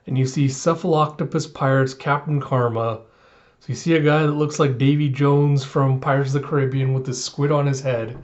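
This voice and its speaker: A man's voice: medium pitch, a little mellow, muffled recording. A man casually retelling a comic chapter and quoting its characters as he reviews it. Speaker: manga reaction reviewer.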